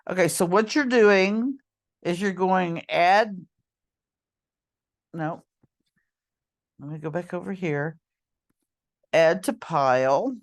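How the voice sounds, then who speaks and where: A woman's voice: on the low side, slow pace, long pauses. A woman teacher walking students through an online note-card tool, chatty and full of ums and self-corrections. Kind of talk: screen-recorded lesson walkthrough.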